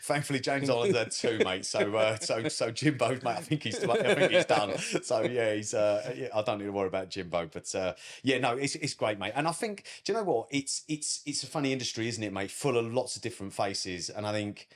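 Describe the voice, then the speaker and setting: A man's voice: medium pitch, animated, a little fast, few pauses. A man with a British English accent, a wedding photographer chatting casually on a podcast, cheeky and talkative, calling everyone "mate".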